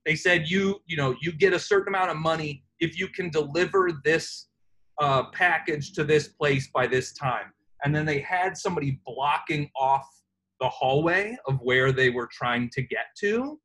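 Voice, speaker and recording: A man explains something in a relaxed conversation. His voice sits a little higher than usual for a man, and he leans on fillers as he builds his point. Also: moderate pace, poor audio. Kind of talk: casual chat.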